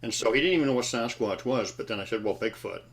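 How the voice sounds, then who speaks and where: Halting man chatting on a video call. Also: medium pitch, expressive, a little hiss or hum. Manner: halting, restarts and trailing phrases. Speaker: panelist. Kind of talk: casual roundtable chat.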